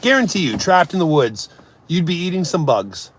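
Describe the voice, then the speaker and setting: A man's voice: a little high, sing-song, moderate pace, a little hiss or hum. A man live streaming, ranting casually and mocking his chat in a brash, swearing way. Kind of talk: casual comedic rant.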